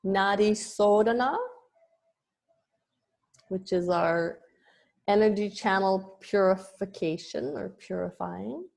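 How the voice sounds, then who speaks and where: Slow, patient woman yoga teacher. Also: mid-range voice, creaky, a little mellow. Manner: slow, patient explaining with small restarts. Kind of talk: online lesson on terminology.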